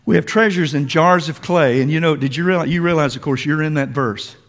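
A man's voice: a little high, fairly quick. A man preaching a sermon to a congregation in a church, emphatic and repetitive, talking straight to his listeners. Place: church sanctuary. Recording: long hall reverb.

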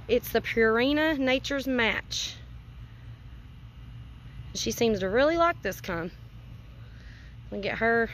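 A woman's voice: on the high side, fairly bright tone, a little hiss or hum. A woman, chatting casually in a homestead vlog, sweet-talking her pig outdoors in a farmyard. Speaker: homestead vlogger.

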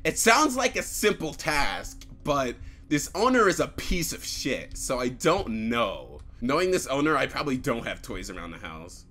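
A man's voice: medium pitch, a bit bright. A young man commentating a horror game he plays, swearing often, jumpy and screaming at scares. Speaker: gaming YouTuber.

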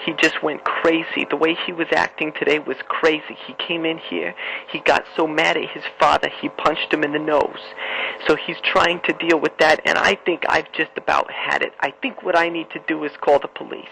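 A man voicing a distraught mother on a prank phone call, who talks quietly and rambles melodramatically. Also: a little high, steady tone, fast, gravelly, few pauses. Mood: hushed upset. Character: distraught middle-aged mother talking hushed. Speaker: prank caller.

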